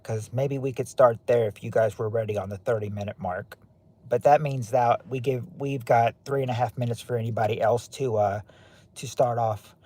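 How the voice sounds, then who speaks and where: This stream host has a medium-pitched, slightly mellow voice and a Southern US accent, being from the southern United States. He chats casually with his viewers, wandering and repeating himself.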